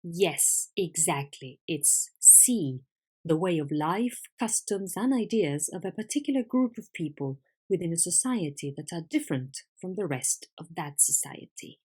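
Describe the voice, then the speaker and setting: A woman's voice: lowish voice, measured pace. Patient woman teaching English vocabulary. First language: Spanish. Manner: patient, clear, lively questioning. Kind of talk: recorded vocabulary lesson.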